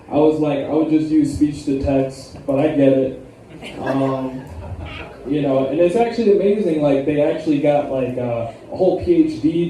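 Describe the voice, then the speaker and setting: A man's voice: on the high side, warm tone, a little hiss or hum. A young man doing a stand-up comedy set in a lounge, with a laid-back, rambling delivery full of fillers. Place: lounge with a live audience. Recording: echoey room, far from the mic.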